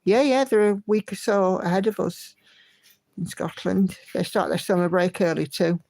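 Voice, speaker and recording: A woman's voice: mid-range voice, steady tone, moderate pace, gravelly, darkish tone. A woman hosting a casual livestream, chatting in a friendly way and greeting viewers by name as she reads their comments. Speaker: livestream host.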